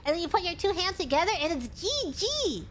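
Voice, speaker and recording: A woman streamer with a very high, lively voice that swoops around as she chats. She talks slowly and giggles often, teasing her guest. Her tone is bright and clear. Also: a little hiss or hum. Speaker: streamer hosting a collab. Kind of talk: casual chat.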